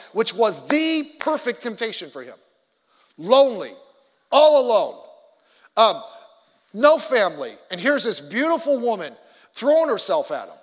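High-voiced preacher in a reverberant hall. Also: male voice. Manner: animated storytelling with stammered restarts, acting out voices. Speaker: pastor. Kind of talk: sermon.

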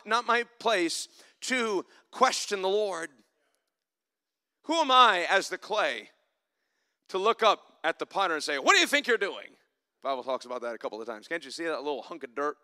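A man preaching a sermon in church, climbing to loud emphatic passages and dropping to soft, reflective asides. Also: high voice, clear, resonant tone. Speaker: pastor.

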